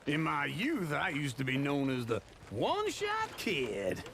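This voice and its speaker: A man's voice: a little high, huge pitch swings, unhurried, vocal fry, full character voice. An actor playing a lazy, joking old male outlaw who teases and boasts with a chuckling drawl, as video game dialogue. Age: older. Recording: game audio with loud hoofbeat noise. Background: horse hooves and wagon sounds.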